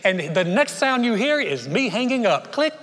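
A man preaching a sermon as pastor, animated and acting out short voices in his stories. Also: high-pitched, moderate pace, big-room sound, slight background noise.

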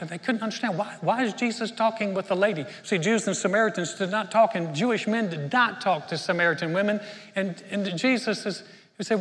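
A man delivers a sermon in a high, bright voice. He tells the story conversationally, often restarting his sentences. His voice rings with a long reverb, as in a church hall. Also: normal speed. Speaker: pastor.

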